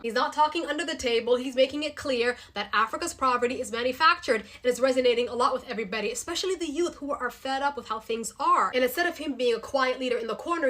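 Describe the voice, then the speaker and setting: Rapid-fire woman commentator. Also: high voice, pushed and bright. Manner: brisk, pointed, skeptical. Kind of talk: scripted commentary narration.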